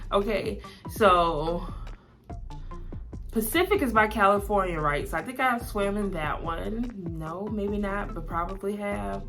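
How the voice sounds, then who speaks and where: A woman's voice: mid-range voice, animated, takes it slowly, a bit bright, soft background music. Chatty Southern American young woman. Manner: chatty, rambling, laughs often, lots of "like". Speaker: vlogger. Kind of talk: casual get-to-know-me tag video.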